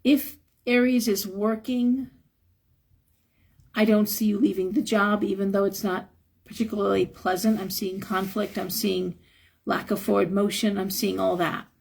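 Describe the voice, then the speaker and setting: A hoarse woman reads tarot cards live with a gravelly, crackling edge to her voice. Her tone is husky and a little worn. She talks frankly, giving advice, with the odd chuckle. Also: medium pitch, flat delivery, unhurried, a little mellow. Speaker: tarot reader.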